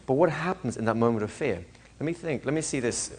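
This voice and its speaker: A man lecturing a live class as a hypnosis trainer, animated, asking the room questions and acting out little scenes. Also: medium pitch, fast talker, very noisy.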